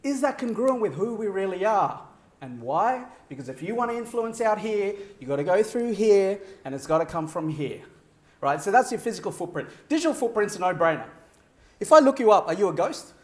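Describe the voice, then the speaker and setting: A man's voice: high voice, very animated, a little fast. A man delivering a conference keynote, talking to the audience and checking in with frequent "right?" asides. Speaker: keynote speaker. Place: large conference hall. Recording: roomy echo of a large hall.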